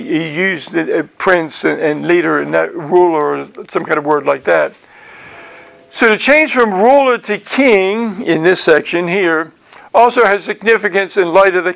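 A man's voice: sits high, vocal fry, fairly bright tone. A man teaching through a Bible passage verse by verse in a conversational way, repeating words and using many fillers.

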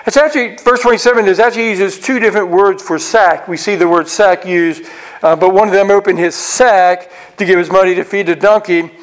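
High-voiced man teaching scripture. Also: brisk. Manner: animated, acts out characters' reactions; frequent restarts and repeated words. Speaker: Bible teacher. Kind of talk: verse-by-verse Bible teaching.

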